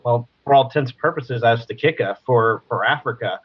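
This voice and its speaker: A man talking as a guest on a podcast, explaining things quickly in casual conversation. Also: medium pitch, husky. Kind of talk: casual interview chat. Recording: dull lo-fi sound.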